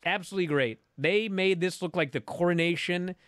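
Excited man recapping wrestling. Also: high voice, a little fast, dry recording, studio quality. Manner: animated storytelling, acting out quotes. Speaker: podcast co-host. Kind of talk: casual wrestling recap chat.

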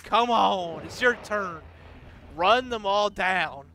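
A man giving casual, excitable gameplay commentary, laughing often and swearing freely. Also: high voice, slow, a little hiss or hum. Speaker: gaming channel host.

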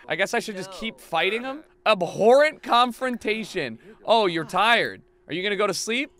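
A young man giving casual, profane commentary over a life-sim game, often yelling at what happens on screen. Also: high voice, normal speed, hardly any pauses. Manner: profane, excitable, yells at the game. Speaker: gaming YouTuber.

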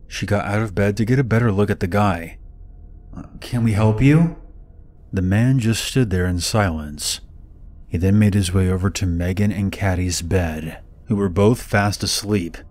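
A man narrating a true scary story in a calm, measured, scripted reading. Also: lowish voice.

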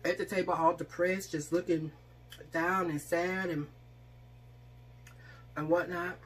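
A woman's voice: on the low side, steady tone, slow, slight background noise. A woman in casual storytelling style, speaking, acting out the people she quotes while eating on camera. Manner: chatty, acts out quoted voices, eating while talking. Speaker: vlogger.

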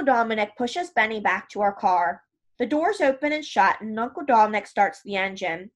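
A woman narrating an audiobook in an even, first-person storytelling manner. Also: mid-range voice, moderate pace.

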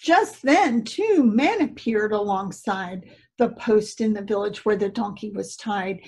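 A woman reading a rhyming story aloud at a church service, slow and expressive. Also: mid-range voice, breathy edge, poor audio.

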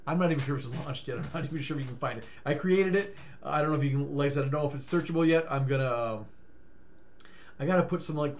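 Casual vlogger, male, tired, rambling and stammering, slightly high voice, goofy sing-song bursts. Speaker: life coach vlogger.

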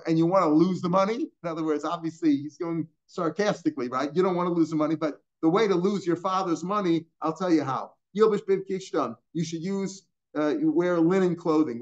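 A man's voice: a little high, lo-fi sound. An older man teaching a line-by-line Talmud class in a casual way, with chuckling asides and Hebrew and Aramaic terms mixed in.

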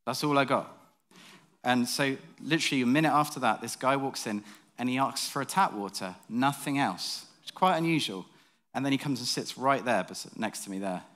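A male pastor delivers a sermon in church. He tells stories in a chatty, self-mocking way, with a voice of middle pitch. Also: a bit bright. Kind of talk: sermon storytelling.

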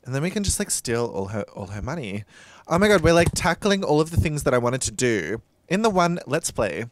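Lively, gushing drag queen gamer. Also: a little high, a little fast, slight background noise. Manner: chatty, swears freely, gushing exclamations. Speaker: drag queen let's play host. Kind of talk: casual gameplay commentary.

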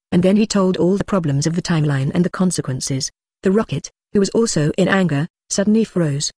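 A narrator reads a translated fantasy novel in an even, unhurried way that sounds machine-made. The voice sits in a middle pitch. The sound is dry and close, with no room around it. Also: dry recording. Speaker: audiobook narrator.

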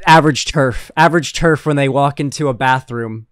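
A man's voice: mid-range voice, moderate pace, few pauses, a bit bright, clean tone, no echo, studio quality. A man streaming a video reaction, rambling loosely and talking to his chat. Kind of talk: casual commentary chat.

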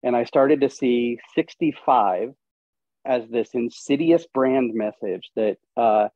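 A man's voice: mid-range voice, slow pace, no room sound. A man calling in with an audience question, polite and searching for words, over a video call. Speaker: caller. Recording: tinny dry call audio.

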